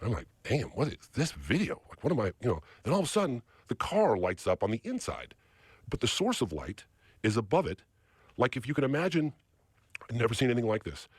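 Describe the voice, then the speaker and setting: A man's voice: medium pitch, wildly swooping pitch, fairly quick, breathy edge, no room sound, studio quality. A man, a podcast guest, telling a long story with energy and acting out other people's lines in quotes. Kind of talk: animated storytelling.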